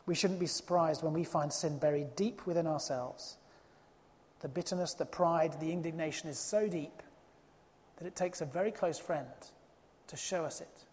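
A preacher delivering an emphatic, expressive sermon full of rhetorical questions. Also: mid-range voice, normal speed. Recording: long reverb of a hall.

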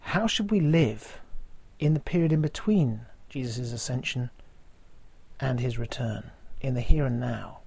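A man, preaching a sermon in a measured way and posing rhetorical questions to the listeners. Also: mid-range voice, creaky, a little mellow, breathy edge. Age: 40s.

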